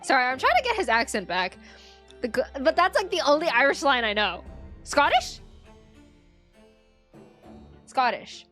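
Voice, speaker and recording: Young woman, game streamer, excitable reactions, high-pitched voice, faint music behind. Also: fairly quick. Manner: excitable, exclamatory. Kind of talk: live gameplay reaction.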